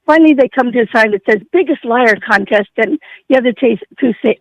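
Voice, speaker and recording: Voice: mid-range voice, fast talker, no echo. Caller telling a joke over a dull phone line. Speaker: radio show caller.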